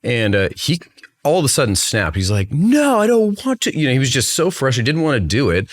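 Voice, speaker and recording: A podcast host with an expressive, brisk mid-range voice tells a story about his son during a casual chat. He acts out the quotes and laughs easily.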